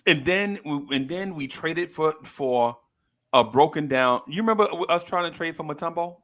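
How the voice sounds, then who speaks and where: Animated storytelling man, slightly high voice. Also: normal speed. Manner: animated storyteller, acts out quoted people in a raised voice. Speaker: podcast co-host. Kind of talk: casual chat.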